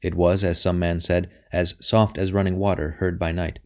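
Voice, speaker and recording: A man narrating a novel as an audiobook reader, in a steady, even delivery. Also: low-pitched, moderate pace, few pauses, clean tone. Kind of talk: scripted narration.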